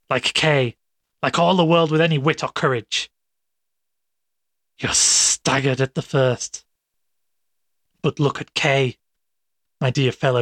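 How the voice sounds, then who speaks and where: A domineering doctor talks an accomplice round in a persuasive, coaxing tone, as a man reads him. His voice is mid-pitched and husky, recorded dry. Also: fairly bright tone, no echo. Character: smooth, domineering male doctor.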